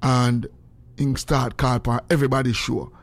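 A man hosting a show, telling stories in a lively, laughing way and quoting himself and others. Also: medium pitch, normal speed. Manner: animated, laughs often, quotes himself. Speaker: show host. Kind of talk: casual storytelling chat.

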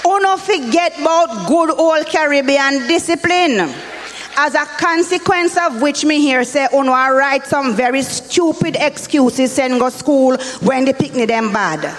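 A woman's voice: high-pitched, unhurried, a little hiss or hum. Scolding woman doing comedy. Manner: scolding, preachy comic delivery in patois. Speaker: stand-up comedian. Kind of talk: stand-up comedy routine.

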